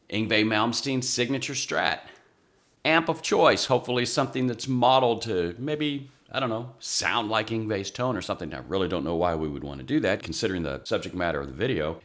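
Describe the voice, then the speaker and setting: A man's voice: on the low side, fairly bright tone. A man, chatting casually and wryly about guitar playing on his own channel. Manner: chatty, self-deprecating, wry. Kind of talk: casual rambling vlog.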